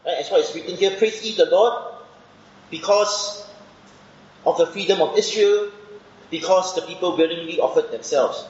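A man preaching a Bible study sermon, explaining step by step and often checking in with a questioning "right?". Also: sits high. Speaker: preacher teaching scripture. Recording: echoey room, dull muffled sound with faint background noise.

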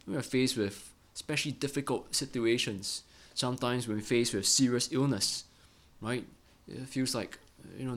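A middle-aged man preaching a Bible-study sermon in an earnest way, often ending phrases with a quick "right?". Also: medium pitch. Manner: earnest, ends many phrases with a tag question "right?".

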